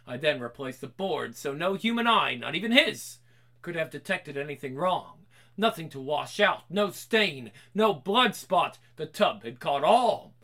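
An amateur reader giving a theatrical first-person reading of a horror comic, hushed at times and rising to frantic at others. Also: medium pitch, big pitch swings, measured pace.

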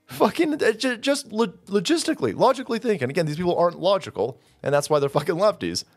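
A man rants through heated, profane political commentary with biting sarcasm. His slightly raised voice swings widely, jumping up and dropping low as he reads posts and mocks them. Faint music sits under the talk. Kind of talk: ranting commentary reading out posts.

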